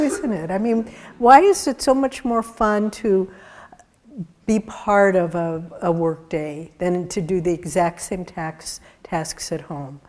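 A woman giving a sermon-style talk, telling spiritual stories in an earnest way with soft laughs. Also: fairly low pitch, slow pace.

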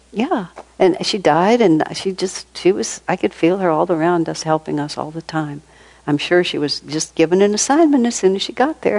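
A woman's voice: on the low side, gravelly, darkish tone, poor audio. An older woman giving an informal spiritual talk, telling stories in a conversational way and laughing often. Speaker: spiritual teacher.

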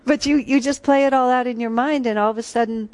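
A woman with a rather high, slightly mellow voice speaks quickly with fairly even intonation. She's teaching a spiritual retreat class, telling stories, laughing, and breaking into bits of song.

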